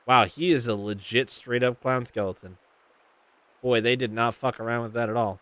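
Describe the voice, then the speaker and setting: A man's voice: mid-range voice, steady tone, normal speed, sharp tone, no room sound. A man streaming a playthrough of a game, talking casually with profanity and wry exasperation.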